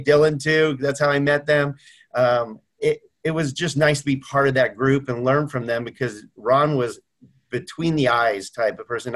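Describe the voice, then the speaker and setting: A middle-aged man talks over a video call, earnest and warm in his storytelling. He slips into other people's voices when quoting them. His voice sits in a mid range. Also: medium pitch. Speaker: mortgage company owner. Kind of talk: video call tribute chat.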